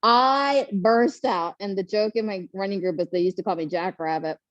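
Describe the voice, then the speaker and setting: Woman panelist, animated storyteller, dry muffled sound, mid pitch. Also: moderate pace, dry recording. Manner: animated, laughing, acts out quotes. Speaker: panelist, first-time marathoner.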